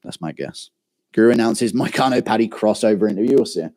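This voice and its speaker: A man rambling through a live stream, reading out chat questions and answering with loose, profane banter. His pitch swings up and down a lot as he talks, and fillers pile up between thoughts. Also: expressive, fast, darkish tone. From England. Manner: swears freely, rambling banter with lots of fillers.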